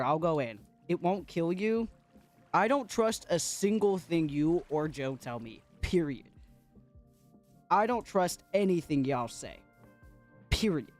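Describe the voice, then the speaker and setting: High, lively-voiced man streaming a game. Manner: chatty, playful and giggly, talks to chat. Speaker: livestreamer. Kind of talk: casual gaming livestream chat.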